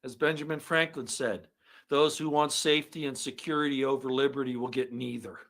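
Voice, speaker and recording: A man giving an angry monologue to his viewers, swinging from loud outbursts to low muttering. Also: steady tone, brisk. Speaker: online commentator.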